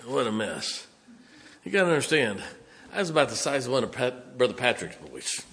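A man's voice: very animated, moderate pace. Man preaching in an echoing hall. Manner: dramatic, swinging between loud emphatic bursts and hushed low lines. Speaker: pastor. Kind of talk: sermon with personal storytelling. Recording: long hall reverb.

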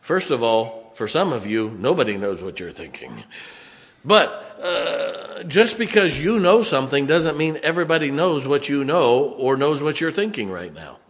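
A man's voice: mid-range voice, very animated, normal speed, in a large hall. A middle-aged male pastor, preaching a sermon in a church with folksy, conversational stories. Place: church sanctuary.

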